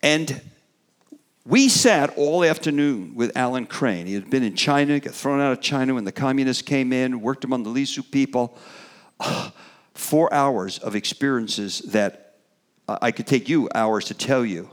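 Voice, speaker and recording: A middle-aged man preaching a sermon, animated, building to emphatic peaks and trailing off with fillers in between. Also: mid-range voice, unhurried.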